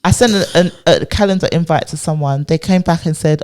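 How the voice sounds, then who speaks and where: Low-voiced woman co-hosting, animated and emphatic. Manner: animated, emphatic, quick to agree. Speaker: podcast co-host. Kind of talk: casual chat.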